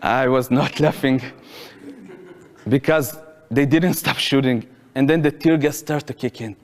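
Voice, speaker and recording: In a mid-range voice and an unhurried pace, a twenty-something man with an Israeli accent and Hebrew as his first language recounts a personal story in a public talk. Lively and theatrical, he acts out quotes and shouts at climactic moments, his words echoing with long lecture-hall reverb.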